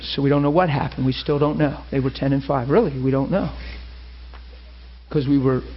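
A man preaching a sermon, telling a personal story with emotion and rising intensity. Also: brisk. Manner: emotional, dramatic, voice rising high when excited. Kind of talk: sermon with acted-out quotes. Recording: dull lo-fi recording.

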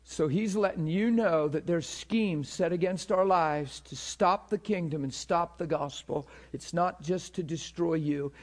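A man delivers a sermon-style teaching to a live class in a fairly high voice. He talks conversationally, stopping often to check that his listeners follow. He repeats words as he builds toward a point.

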